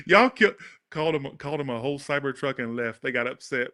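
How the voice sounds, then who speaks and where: Bright, sassy man reading tarot. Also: mid-range voice. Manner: animated, sassy, blunt, talks to viewers directly. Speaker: tarot reader. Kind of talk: casual livestream tarot reading.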